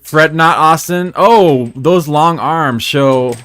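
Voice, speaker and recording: A man's voice: on the high side, slow pace, a bit bright, clear, resonant tone. Joking male air hockey commentator. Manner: joking, playful. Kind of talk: live sports commentary.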